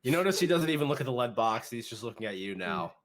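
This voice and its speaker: A man's voice: mid-range voice, sing-song, fast talker, background noise. A man narrating as game master of a tabletop game, in a loose, rambling way full of fillers.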